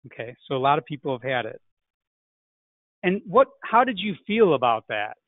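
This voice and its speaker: A man's voice: medium pitch, very animated, normal speed, no room sound. A man teaching an online sales class, emphatic and peppered with "right?" tags. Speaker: sales coach. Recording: tinny phone-like line, dry.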